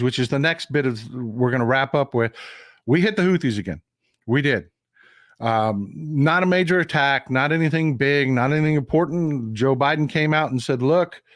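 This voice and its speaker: A man's voice: mid-range voice, no room sound, studio quality. A man hosting a casual political commentary livestream, folksy and repetitive, talking straight to his chat.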